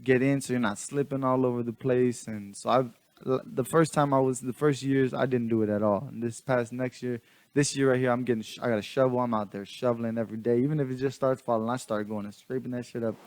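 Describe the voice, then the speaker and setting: A man's voice: medium pitch, steady tone, fast, a little mellow, no room sound. A man casually telling a story to his camera, rambling with restarts and slang. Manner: rambling, many restarts, laughs often; slangy, laid-back. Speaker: vlogger.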